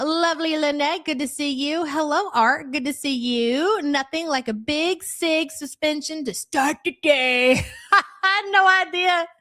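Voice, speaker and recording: Brash high-voiced woman streamer. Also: a bit bright. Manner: brash, swears freely, rattles off viewer names. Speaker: livestream host. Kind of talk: casual live reaction chat.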